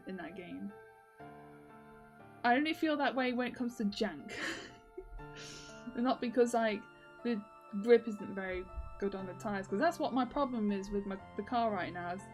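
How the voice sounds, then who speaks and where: A woman talks through a casual video diary, her voice sitting a little high. She rambles, piles up fillers and breaks into laughs often, with soft music faintly underneath. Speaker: video diarist.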